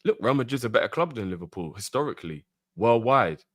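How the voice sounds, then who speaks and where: A man's voice: medium pitch, animated, fast, no echo, studio quality. A man co-hosting a fan talk show, arguing heatedly and repeating his points insistently. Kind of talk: heated debate, arguing the club's side.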